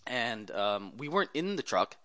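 A man's voice: mid-range voice, sing-song, moderate pace, sharp tone, no echo, studio quality. A man talking as a guest in a casual interview, telling rambling stories in a chatty way. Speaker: guest, automotive photographer.

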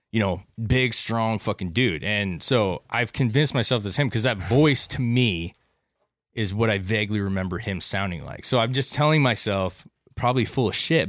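A man's voice: lowish voice, a bit bright, dry recording, studio quality. A man co-hosting a podcast in laid-back, casual chat, swearing freely and calling everyone "man". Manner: laid-back, profane, says "man" often. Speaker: podcast co-host.

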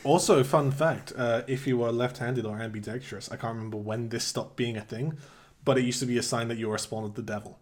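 A man's voice: medium pitch, steady tone, a little fast. A man with an English accent, from England, co-hosting a podcast and chipping in dry fun facts. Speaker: podcast co-host. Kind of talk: casual podcast banter.

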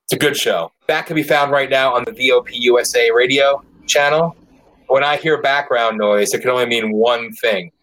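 A man's voice: mid-range voice, moderate pace, a bit bright. A man hosting a casual podcast chat in a joking, loose way, swearing freely. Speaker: podcast host.

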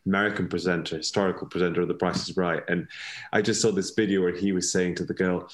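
A man's voice: low-pitched, steady tone, quick pace. A man from Italy with a mixed Italian and British-tinged English accent, talking casually as a podcast guest. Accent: Italian with British and Canadian English. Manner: chatty, laughs often, repeats words when starting. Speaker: guest, former ballet dancer.

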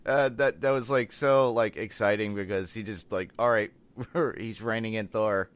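Smooth-voiced man, laughing in chat. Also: fairly low pitch, fairly even intonation, moderate pace, no echo, clean studio sound. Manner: laughs often, reads out favorite lines. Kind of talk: casual chat.

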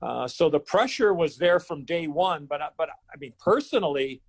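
A man, a former pro hockey player, telling a lively anecdote as an interview guest and acting out the other people's lines. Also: a little high, moderate pace, husky. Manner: animated, acts out other people's lines, laughs while telling. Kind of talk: storytelling anecdote in conversation.

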